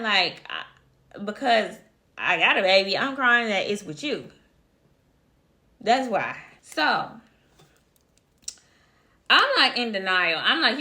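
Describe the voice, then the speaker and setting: A woman's voice: fairly high pitch, sing-song, a little slow, long pauses, bright, forceful tone. A woman casually telling a personal story to her viewers, chatty and talking to them directly as y'all. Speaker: vlogger.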